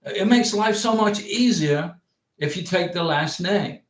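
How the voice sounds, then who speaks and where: A man's voice: high voice, a little slow, reverberant. A man hosting a livestream, chatting casually and answering viewer comments, rambling and repeating his points emphatically. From United States. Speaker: livestream host giving visa advice.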